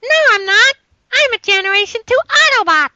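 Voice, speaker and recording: A man putting on the voice of a cheeky little robot toy who teases the podcast hosts in a very high squeak. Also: animated, a little fast, pushed and bright, dull audio, exaggerated voice. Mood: teasing. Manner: teasing, high-pitched squeaky.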